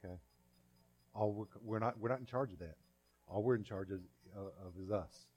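A man's voice: lowish voice, normal speed, a little mellow, breathy edge. Folksy preacher man. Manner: folksy, conversational preaching with repeated phrases and little acted scenes. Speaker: pastor. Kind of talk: sermon.

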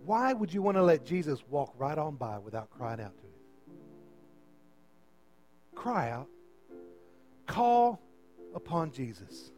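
A man's voice: a little high, very animated, takes it slowly, pauses often, darkish tone, soft background music. A male pastor preaching an impassioned sermon into a handheld microphone in a church, pleading with his listeners. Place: church sanctuary.

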